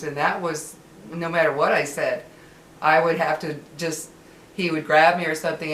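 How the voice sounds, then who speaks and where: A woman and former caregiver talking casually and animatedly about a past job, laughing as she tells it. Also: sits low. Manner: chatty, animated, laughs while telling. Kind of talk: casual storytelling to camera. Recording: roomy with faint ambient noise.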